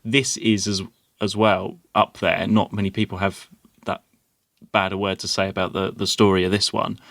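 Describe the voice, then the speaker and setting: A man co-hosting a podcast, easygoing and a bit hesitant, dropping ums as he recaps. His voice sits low and sounds close and dry. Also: moderate pace, gravelly, no room sound. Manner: relaxed, hesitant with fillers. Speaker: podcast co-host. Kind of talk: casual chat. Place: on stage in a theatre.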